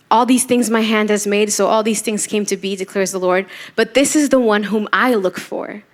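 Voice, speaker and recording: A woman preaching a church sermon, telling a story casually and acting out the quoted voices. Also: mid-range voice. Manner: conversational storytelling, acts out quotes.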